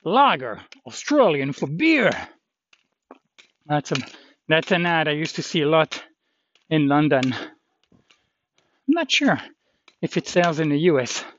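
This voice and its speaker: Man, slightly high voice, rambling walk-and-talk vlog outdoors, halting delivery, dull lo-fi sound with faint hiss. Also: fairly bright tone. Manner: rambling, halting, many fillers. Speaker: walking pilgrim vlogger. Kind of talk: casual walking vlog. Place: outdoors on a hilly trail.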